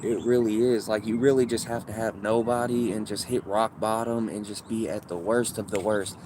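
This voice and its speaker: A man's voice: lowish voice, steady tone, normal speed, darkish tone, slight background noise. A man livestreaming and chatting casually with viewers, rambling in loose, profane street slang.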